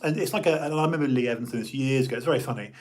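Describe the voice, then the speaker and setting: A man's voice: mid-range voice, racing, darkish tone. A middle-aged British man talking on his live stream in a chatty, jokey, rambling way, full of restarts. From United Kingdom. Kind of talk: casual rambling monologue.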